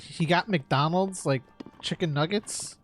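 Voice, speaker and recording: A man's voice: fairly high pitch, measured pace, soft background music. A man from New York chatting casually while streaming, rambling with lots of "like" and "right?" and frequent laughs.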